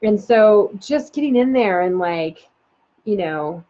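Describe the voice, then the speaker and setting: A woman parenting coach giving a live online talk, animated and chatty with many fillers. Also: medium pitch, takes it slowly. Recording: dull lo-fi sound.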